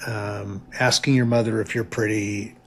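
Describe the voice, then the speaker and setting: A man's voice: lowish voice, level tone, normal speed, a bit bright, slight background noise. An older man co-hosting a casual recap podcast, thinking aloud in a reflective way with frequent restarts. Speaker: podcast co-host.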